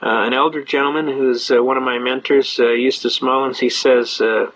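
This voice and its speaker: A man's voice: mid-range voice, steady tone, normal speed, hardly any pauses, a bit bright, slight background noise. An older man giving a chatty, rambling lecture full of anecdotes and filler words. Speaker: speaker on citizens' rights. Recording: dull lo-fi recording.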